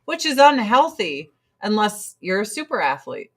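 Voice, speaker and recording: A woman's voice: medium pitch, sing-song, moderate pace, slightly rough. A middle-aged woman chatting casually to camera as a vlogger, laughing often.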